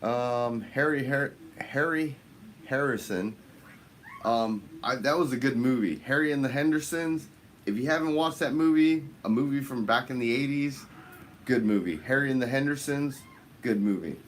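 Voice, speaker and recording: A man hosting a fishing channel livestream, greeting viewers by name in casual chat, his voice jumping up high on the shout-outs. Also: normal speed, slight background noise.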